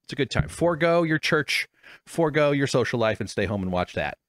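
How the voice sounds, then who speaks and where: A podcast host records from his home studio on a studio microphone with headphones, chatting casually and rambling, putting himself down and swearing freely. His medium-pitched voice is sing-song and fairly bright, he talks fairly quickly, and there's no room sound.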